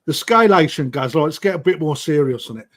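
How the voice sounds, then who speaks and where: A man's voice: fairly high pitch, lively intonation, brisk, a bit bright. Chatty British man calling a koi auction. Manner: chatty, matey banter, calls bids and time. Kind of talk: live-stream auction chat.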